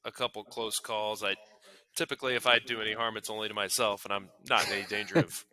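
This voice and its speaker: A man guesting on a podcast, chatting in a relaxed, easygoing way. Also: lowish voice, fast talker, poor audio. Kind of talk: casual chat.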